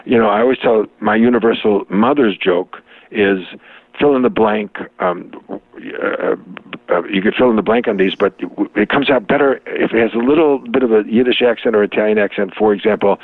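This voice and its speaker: An older man with a Chicago accent, low in pitch, rambles through jokes and examples with frequent restarts. The sound is thin and phone-like, with no room around it. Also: normal speed, no echo. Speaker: guest, comic and professor. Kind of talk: interview conversation. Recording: tinny phone-like line.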